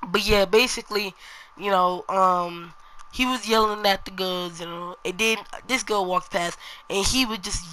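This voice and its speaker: Woman, vlogger, casual rambling story, slangy, lots of fillers, bright voice. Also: mid-range voice, fairly even intonation, unhurried, a little hiss or hum, low-quality recording. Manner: rambling, slangy, many fillers like "you know" and "bro".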